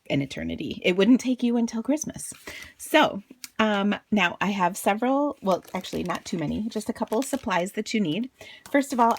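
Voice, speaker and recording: A woman's voice: mid-range voice, slight background noise. A woman hosting a casual craft tutorial, chatty and bubbly, with playful self-deprecating asides. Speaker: crafting channel host.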